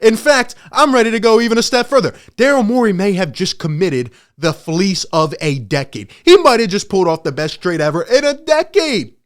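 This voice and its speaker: A man hosting a sports channel, ranting in emphatic, excitable commentary and laughing often. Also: sits high, moderate pace, hardly any pauses.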